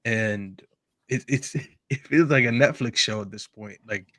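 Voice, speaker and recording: A man on a football podcast giving quick, blunt opinions. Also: medium pitch, a bit bright, no echo. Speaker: podcast pundit. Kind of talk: casual football chat.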